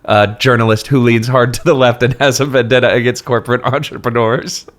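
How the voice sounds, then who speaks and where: A young man co-hosts a comedic book podcast in a relaxed, chatty way. He laughs a lot, teases himself, and keeps his voice in an ordinary mid range. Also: mid-range voice, a little fast. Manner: chatty, laughs often, self-mocking. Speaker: podcast co-host.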